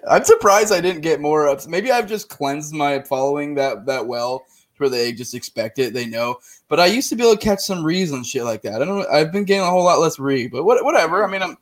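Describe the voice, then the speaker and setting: A man's voice: a little high, animated, brisk. Loose, profane podcast host, a man. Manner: loose and profane, lots of fillers and restarts. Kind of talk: casual chat.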